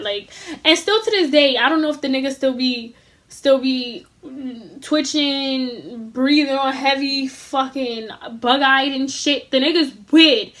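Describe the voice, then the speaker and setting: High, bright-voiced woman telling a story. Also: measured pace, slight background noise. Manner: animated, profane, slangy storytelling. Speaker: vlogger. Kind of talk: casual storytime vlog.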